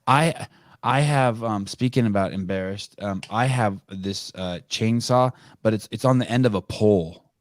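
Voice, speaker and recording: A man's voice: lowish voice, normal speed, no echo, studio quality. A man in his fifties hosting a podcast, talking in a profane, rambling way with many restarts. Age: 50s. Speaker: podcast host. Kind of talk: casual chat.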